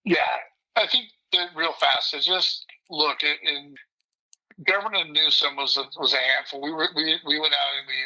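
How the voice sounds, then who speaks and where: An older man telling stories as a podcast guest in a brash, animated way, often mimicking other people. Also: a little high, moderate pace, poor audio. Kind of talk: casual storytelling interview.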